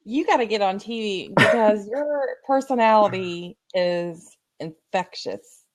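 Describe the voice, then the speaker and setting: A woman on a video call heaping warm encouragement on another participant, effusive and upbeat. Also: medium pitch, a little slow, crowd noise. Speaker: supportive chat participant. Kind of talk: casual video group chat.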